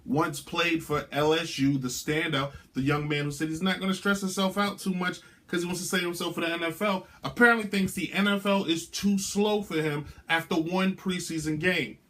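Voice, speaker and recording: A man's voice: on the high side, steady tone, moderate pace, hardly any pauses, pushed and bright. A man hosting his own sports show, giving brash, opinionated takes in a sing-song, ranting way. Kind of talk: opinionated sports commentary monologue. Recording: music bed underneath.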